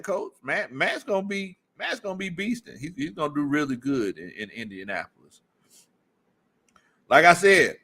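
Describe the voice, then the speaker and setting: A man hosting a casual sports livestream, reading viewer comments aloud and breaking into loud laughter. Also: on the high side. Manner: laughs often, loud animated outbursts. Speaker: sports stream host.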